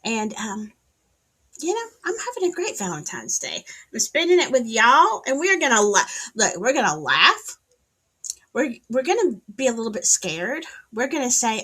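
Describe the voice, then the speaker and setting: Southern female host, livestream hangout; bright, animated, slow-paced, sassy. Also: a little high, breathy edge. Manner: chatty, greets viewers by name, sassy asides. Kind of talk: casual livestream chat. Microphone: streaming setup, wired in.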